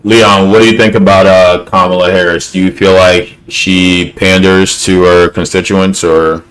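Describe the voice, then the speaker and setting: A man's voice: low-pitched, little pitch movement, unhurried, fairly bright tone, rough recording. A man hosting a live stream, chatting casually with friends, swearing and laughing in loose banter. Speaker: streamer host.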